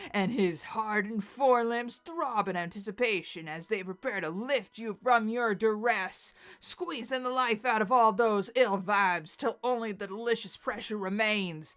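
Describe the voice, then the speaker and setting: A woman voicing a big, boastful male buck with a Southern drawl and a booming, hearty manner in a dramatic webcomic read-aloud. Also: a bit bright, close to an everyday voice. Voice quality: hearty chuckle, booming bravado. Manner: grandiose, speaks of himself as "the mountain".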